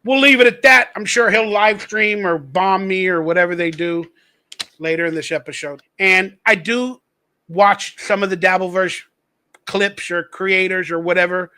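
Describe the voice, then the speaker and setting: Male podcast host, high bright voice, profane mocking rant. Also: steady tone, moderate pace. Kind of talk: ranting commentary.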